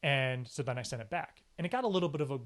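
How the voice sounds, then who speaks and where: A man, a sports anchor, telling career stories in a casual interview, energetic and emphatic, often acting out what people said. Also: mid-range voice, very fast. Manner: animated storyteller, often acts out quoted speech. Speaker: sports anchor and reporter, podcast guest.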